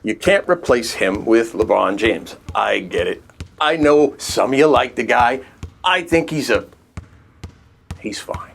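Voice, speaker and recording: A man's voice: medium pitch, expressive, a little slow, creaky, a little hiss or hum. A man giving a crude, exasperated comedy rant as a movie reviewer.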